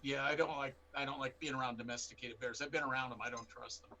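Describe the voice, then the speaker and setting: A middle-aged man, a bear expert guest on a panel, telling animated stories with acted-out quotes. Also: medium pitch, fast, rough recording. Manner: animated anecdotes with quoted dialogue. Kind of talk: storytelling in a panel interview.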